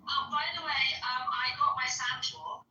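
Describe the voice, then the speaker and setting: Chatty woman with a very bright voice. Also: high voice, steady tone, moderate pace, recorded from a distance, dull audio, faint music behind. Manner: rambling, chatty. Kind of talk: casual chat. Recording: echoey room, off-mic.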